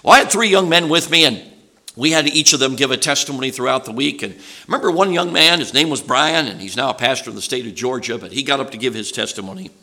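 A man's voice: mid-range voice, fast talker, bright, forceful tone. A man from Chicago with a Chicago accent, preaching to a congregation in a folksy, chatty way with many "uh"s and "okay"s. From Chicago, USA. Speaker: traveling preacher. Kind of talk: sermon introduction to a congregation.

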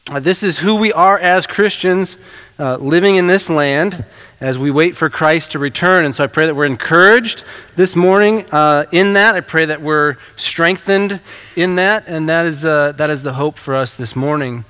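Pastor preaching in a bright, echoing hall. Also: male voice, on the high side, normal speed, clean tone. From United States. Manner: casual, conversational preaching with many fillers and restarts. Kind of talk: sermon.

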